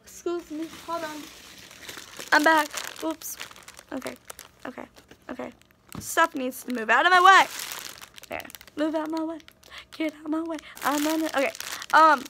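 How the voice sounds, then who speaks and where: A woman's voice: high voice, moderate pace, pauses often, bright, forceful tone, slight background noise. A teenage girl chatting through a casual birthday haul vlog, gushing and bubbly, full of fillers and asides to herself. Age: teens. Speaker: vlogger.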